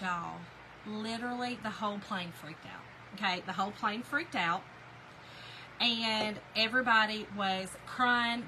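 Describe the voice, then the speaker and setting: A crafting streamer with a slightly high voice tells an animated, chatty story to the viewers she calls "y'all" while she crafts. The audio is poor, carrying a little hiss or hum.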